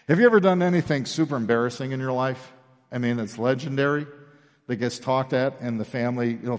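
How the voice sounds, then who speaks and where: Man preaching in a reverberant church hall. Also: medium pitch. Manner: animated storyteller, acts out quoted people. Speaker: pastor. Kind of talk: sermon storytelling. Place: church sanctuary.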